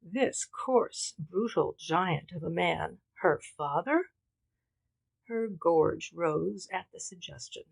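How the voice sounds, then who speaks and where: A woman narrating a mystery audiobook in a measured, dramatic reading. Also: on the low side, animated, creaky, husky, no echo, poor audio. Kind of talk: scripted narration.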